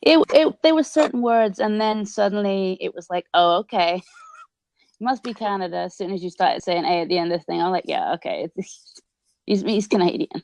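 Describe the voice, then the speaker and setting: Casting: young English woman, slightly Americanized accent, gravelly edge, giggly easygoing manner, dry close sound. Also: medium pitch, moderate pace, darkish tone, no room sound. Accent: English with American influence. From England. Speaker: guest. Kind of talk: casual video chat. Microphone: video call.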